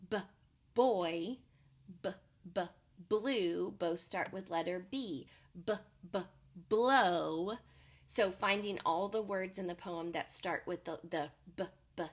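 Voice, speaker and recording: A woman's voice: mid-range voice, fairly bright tone. Woman teacher walking parents through activities. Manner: friendly, explanatory, many "um" fillers. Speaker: preschool teacher. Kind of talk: video tutorial for parents. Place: home.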